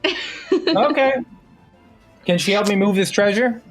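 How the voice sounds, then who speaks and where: A man's voice: moderate pace, faint music behind, close to an everyday voice. A man voicing a nervous male pirate guard who is eager to please, in a tabletop game. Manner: high, jittery and deferential.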